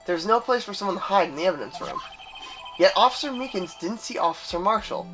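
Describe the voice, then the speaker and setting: A man voicing a confident young male defense lawyer in a measured reading over game music. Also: sits high, expressive.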